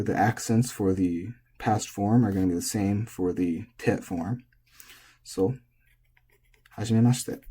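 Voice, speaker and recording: A man teaching pitch in a relaxed, casual lesson, thinking aloud as he goes. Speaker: language teacher.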